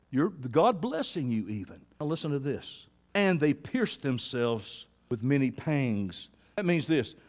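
A man preaching a sermon as pastor, folksy and impassioned, rising to loud fervent peaks and dropping to quiet intensity. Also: medium pitch, big-room sound. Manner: folksy colloquial speech with rhetorical questions to the congregation.

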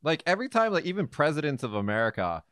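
A man co-hosting a casual talk show, explaining slang with lively storytelling and quoted voices. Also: on the high side, fast, clear, resonant tone, no room sound, clean studio sound. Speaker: podcast co-host, English teacher.

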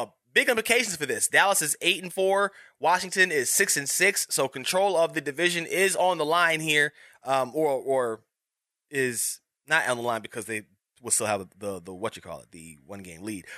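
Man in his thirties, sports podcast host, very bright tense voice, slightly high pitch, loose rambling commentary, dry close recording. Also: dry recording. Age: 30s. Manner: conversational, rambling with frequent restarts and fillers.

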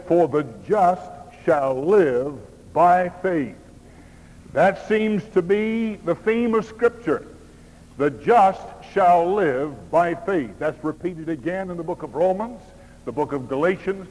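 Male pastor, fairly high voice, deliberate sermon pacing, big echoing church hall. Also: a little mellow. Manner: slow, measured preaching with emphatic pauses. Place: church auditorium. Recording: long hall reverb.

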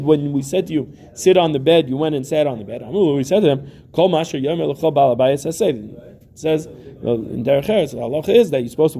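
Male teacher, dark gravelly voice, reads a line then explains it, repeats phrases as he goes. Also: on the high side. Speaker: Talmud teacher. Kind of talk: Talmud lesson.

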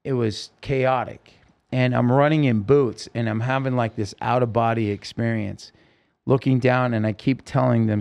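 A man's voice: mid-range voice, fairly even intonation, moderate pace, gravelly, a little mellow. A man, a podcast guest, urgently recounting a personal story in vivid, present-tense detail.

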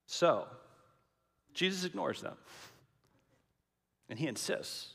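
A man's voice: fairly high pitch, big pitch swings, unhurried, fairly bright tone. A man preaching a sermon in a dramatic, emphatic way, repeating key lines for weight. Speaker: pastor. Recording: long hall reverb.

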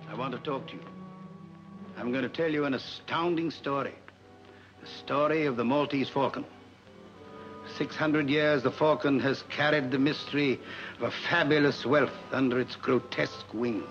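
A man's voice: mid-range voice, fairly even intonation, normal speed, a bit bright, natural voice. A man playing an ominous, confiding narrator in an old film trailer, heard over music on a dull vintage soundtrack.

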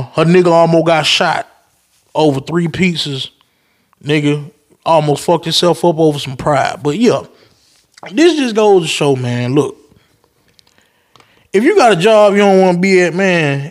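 Profane storytelling podcast host. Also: male voice, on the high side. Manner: profane, animated storytelling with acted-out quotes. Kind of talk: casual storytelling monologue.

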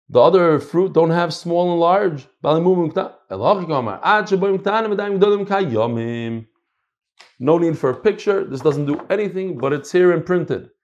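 A middle-aged man teaching a casual Talmud class, animated and swinging between loud and soft. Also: fairly high pitch, dull audio.

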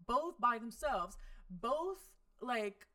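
A woman's voice: fairly high pitch, big pitch swings, extremely slow, bright, forceful tone. Exasperated woman podcast co-host. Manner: profane, exasperated, mimics characters. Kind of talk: casual chat recapping a show.

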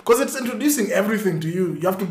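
A man's voice: high voice, animated, rapid-fire, reverberant. A man co-hosting a casual podcast, telling stories with enthusiasm and murmuring along with the others. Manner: enthusiastic storyteller, frequent backchannel murmurs. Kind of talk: casual chat.

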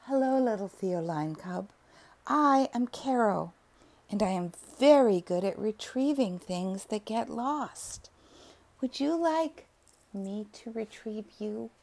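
Caro, a woman doing a gentle, kind dog. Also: a little high, expressive, takes it slowly, gravelly, full character voice. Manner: gentle and reassuring. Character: gentle golden female dog, kind and helpful.

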